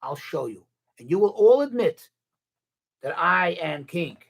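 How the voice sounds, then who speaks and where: A smug, boastful talking tongue in a fable, pitched a little above an everyday speaking voice, as a male storyteller puts it on. The tone is breathy. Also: big pitch swings, a little slow, a bit bright, heavily acted.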